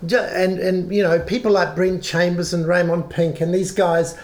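An older man with a New Zealand accent, a guest telling stories in a relaxed, halting way. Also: high voice. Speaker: guest, worship songwriter. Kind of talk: reflective storytelling in conversation.

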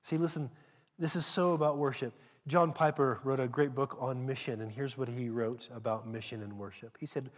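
A male preacher with a mid-range voice and fairly even intonation delivers his sermon at normal speed. His address to the congregation is direct and emphatic, moving from loud stresses to hushed remarks.

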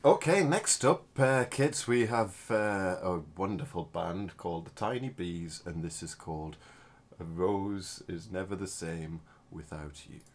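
A man co-hosting a comic podcast, boisterous and quick to yell and swear. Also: low-pitched, a little hiss or hum. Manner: boisterous, swears and yells in bursts. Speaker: podcast co-host.

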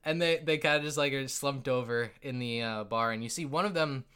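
A man's voice: medium pitch, brisk, sharp tone, clear, resonant tone. A man narrating a tabletop game as game master, rambling with many fillers and frequent laughter.

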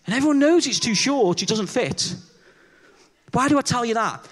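A man delivers a chatty sermon to a church congregation, joking at his own expense. His voice sits high and swings widely as he acts out little scenes and quizzes the crowd. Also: lively intonation, moderate pace, a bit bright. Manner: chatty, self-deprecating, acts out dialogue with the congregation. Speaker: preacher. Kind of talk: conversational sermon with humorous stories.

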